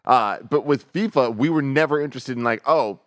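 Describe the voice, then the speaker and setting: A man co-hosting a podcast, chatting casually and asking questions in a relaxed way. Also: medium pitch, a little fast, dry recording, studio quality. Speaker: podcast co-host. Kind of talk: casual chat.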